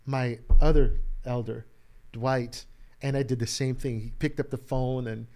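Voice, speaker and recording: A male pastor telling a personal story in a casual chat. He acts out quotes loudly and with lots of feeling. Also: medium pitch, measured pace. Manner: emotional, animated retelling, acts out quotes loudly.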